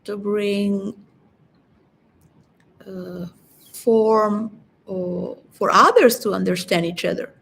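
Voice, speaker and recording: A woman's voice: medium pitch, slow pace, gravelly, pauses often, a bit bright, a little hiss or hum, poor audio. A woman giving a reflective, philosophical solo monologue that rambles and halts, with frequent restarts. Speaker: vlogger.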